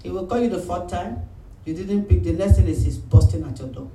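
A pastor, preaching an animated sermon and acting out phone calls and voices of his church members. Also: high voice, a little fast. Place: church hall. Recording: roomy echo, mic at a distance, faint room noise.

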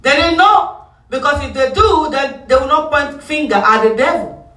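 A man's voice: very high voice, unhurried, sharp tone. A man preaching a sermon, emphatic and repetitive, calling for responses from the congregation. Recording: echoey hall from far off.

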